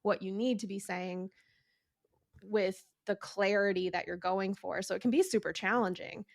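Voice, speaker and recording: A woman hosting a podcast in a loose, conversational way, her speech full of "like" and "um". Her voice sits at an ordinary middle pitch, and the recording is dry and close with almost no room sound. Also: fairly even intonation, normal speed, creaky, dry recording. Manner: chatty, fills speech with "like" and "um". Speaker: podcast host.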